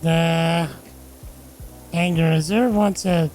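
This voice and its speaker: A woman streaming a game, chatting casually and teasing her viewers and a friend. Her voice sits a little low for a woman. Faint music plays behind her desk mic. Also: unhurried, darkish tone, low-quality recording. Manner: playful, chatty, addresses chat directly. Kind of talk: casual live-stream chat.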